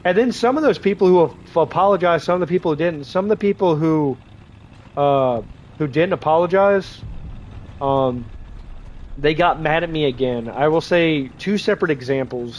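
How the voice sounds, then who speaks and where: Young man, stuffy sinuses, slightly high voice, rambling gamer chat, faint engine noise behind. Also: normal speed. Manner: rambling, frank, many restarts and fillers. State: congested from draining sinuses. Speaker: streamer. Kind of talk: casual livestream chat while gaming. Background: faint game vehicle noise.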